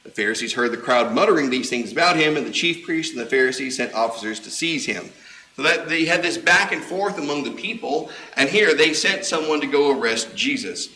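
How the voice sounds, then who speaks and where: A man's voice: medium pitch, expressive, fairly quick, pushed and bright, slight background noise. A man preaching a sermon, explaining scripture in a conversational way with casual asides. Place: church auditorium. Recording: echoey church room.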